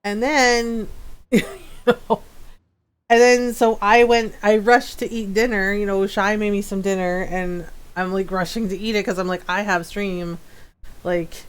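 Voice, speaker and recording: A woman streamer chatting casually while gaming, telling a story with lively quoted outbursts and frequent laughter. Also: mid-range voice, unhurried, clear, resonant tone.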